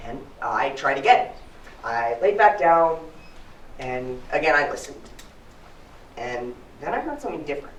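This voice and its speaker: A man telling a story live with an animated, playful delivery and a voice that rises and falls freely. He sounds distant from the mic in a roomy hall with faint background noise. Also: fairly high pitch, measured pace, long pauses.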